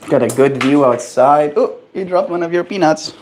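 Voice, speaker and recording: A young man streaming live, chatting casually with his viewers and reading their messages with easy chuckles. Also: slight background noise. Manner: slow, relaxed, reads chat aloud and chuckles; high, sing-song baby talk to his pet bird.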